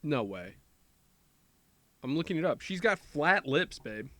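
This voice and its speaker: A man's voice: fairly high pitch, sing-song, a little slow, a bit bright, no echo. A young man co-hosting a casual chat podcast, joking and laughing often. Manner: joking, laughs often, does silly voices. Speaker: podcast co-host.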